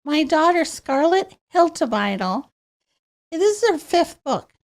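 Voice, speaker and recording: A woman who grew up in Miami, a podcast guest telling stories in an animated way and acting out the quotes. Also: high voice, a little slow. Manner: animated, acts out quotes in voices. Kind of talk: storytelling in a podcast interview. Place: studio.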